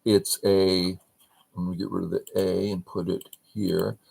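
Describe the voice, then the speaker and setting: An older man teaching a board game review over a livestream, speaking at a slow, unhurried pace in short broken phrases. His voice sits fairly low, and he keeps asking himself questions and then answering them. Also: little pitch movement, creaky, darkish tone, low-quality recording.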